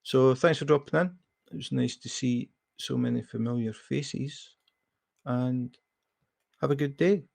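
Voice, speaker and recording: A man's voice: medium pitch, measured pace, gravelly, darkish tone, dry recording. A man with a Scottish accent hosting a live chat, telling a rambling anecdote with plenty of fillers. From Scotland. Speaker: livestream host. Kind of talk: casual storytelling chat.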